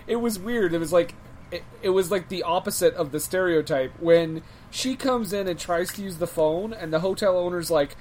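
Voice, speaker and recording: A co-host of a casual movie podcast, animated, often laughing and questioning scenes. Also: mid-range voice, moderate pace, a little hiss or hum.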